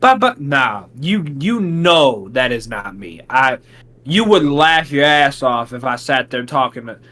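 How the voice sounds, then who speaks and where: A man's voice: mid-range voice, expressive, unhurried, pushed and bright. A man co-hosting a podcast in casual chat, blunt and swearing freely. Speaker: podcast co-host.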